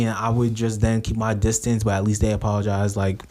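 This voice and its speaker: A man's voice: fairly low pitch, fast. A man co-hosting a podcast, telling a story in casual chat and acting out the quoted lines. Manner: animated storyteller who acts out quoted lines. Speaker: podcast co-host.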